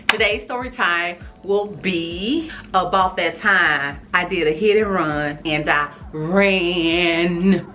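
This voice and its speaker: Bright-voiced chatty woman storyteller. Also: on the low side, takes it slowly, hardly any pauses, soft background music. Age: adult with a school-age son. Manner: chatty, keeps calling to viewers, laughs often. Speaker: vlogger. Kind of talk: casual storytime chat to camera.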